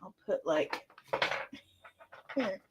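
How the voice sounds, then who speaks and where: A woman in her forties with a Midwestern American accent, hosting a casual pop culture chat in an animated, ranting, jokey way. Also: mid-range voice, very slow, vocal fry, highs cut off, noisy background. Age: 40s. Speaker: pop culture news host.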